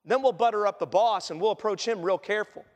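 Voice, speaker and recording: High-voiced animated preacher in an echoey hall. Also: male voice, fast talker. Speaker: pastor. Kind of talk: sermon.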